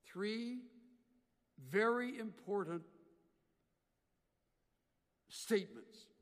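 A man preaching a sermon, swinging from loud emphatic bursts to quiet earnest asides. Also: sits high, drawn-out words, big-room sound. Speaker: pastor.

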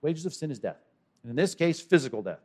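Talking fast in a slightly high voice, a male pastor gives a spirited sermon. He alternates between loud exclamations and hushed asides while questioning the congregation.

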